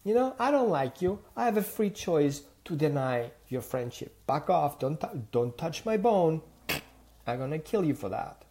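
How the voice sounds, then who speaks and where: A man voicing a territorial male dog who threatens a newcomer in his yard, in a hostile, shouting manner. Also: on the high side, big pitch swings, moderate pace.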